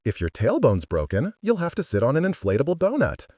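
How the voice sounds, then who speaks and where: A man's voice: medium pitch, huge pitch swings, fairly quick, a little mellow, no room sound, studio quality, voice pushed up. A man voicing a grouchy, sour teenage girl in an audiobook story. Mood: sulky. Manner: sour, sulky.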